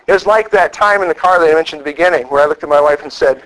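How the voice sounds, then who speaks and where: A man's voice: a little high, racing, rough recording. A middle-aged male pastor preaching a sermon, telling stories and acting out the lines he quotes. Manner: animated storytelling, acts out quoted lines.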